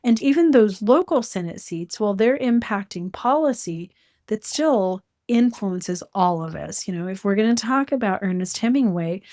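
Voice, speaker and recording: A woman hosting a casual conversation, talking in an animated, talkative way with quick asides. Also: medium pitch. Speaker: host.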